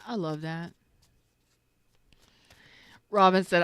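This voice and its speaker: A woman's voice: medium pitch, slow pace, pauses often, clean tone, dry recording. A woman doing a live tarot reading on a stream, chatty and slangy, greeting viewers by name and repeating herself. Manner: swears casually, slangy.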